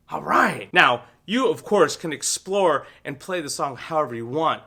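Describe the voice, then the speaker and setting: A man's voice: a little high, expressive, moderate pace, few pauses. A man teaching a beginner guitar lesson, counting beats aloud and singing short lyric lines. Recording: loud guitar music under the voice.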